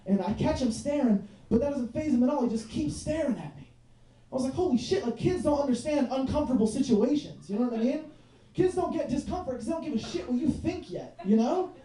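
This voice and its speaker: Mellow-voiced young man doing stand-up. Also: very high voice, expressive, brisk. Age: 20s. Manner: loose, rambling, lots of "like" and "you know what I mean". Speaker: stand-up comedian. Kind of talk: stand-up comedy set. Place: bar stage in front of a live audience. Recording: roomy bar recorded from a distance.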